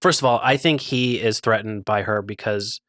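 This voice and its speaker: A man's voice: lowish voice, moderate pace, fairly bright tone, no echo, studio quality. A man co-hosting a casual TV recap chat, laid-back and blunt, swearing now and then. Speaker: podcast co-host.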